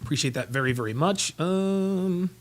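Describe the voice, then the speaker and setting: Yawning and worn out, this livestream host reads viewer super chats in a repetitive, meandering way as he fumbles for files. He speaks at a moderate pace in a high-pitched voice with lively intonation.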